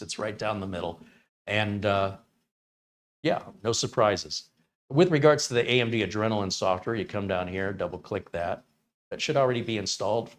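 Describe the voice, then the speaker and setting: American male streamer, lowish voice, casual live tech demo host. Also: slight background noise. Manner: relaxed, chatty, reads chat names aloud. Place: home studio.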